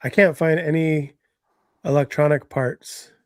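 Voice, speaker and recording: A man co-hosting a live hobby stream, chatting casually and often trailing off quietly. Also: fairly high pitch, fairly even intonation, measured pace, no room sound, studio quality. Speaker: co-host of a hobby talk stream. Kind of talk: casual chat.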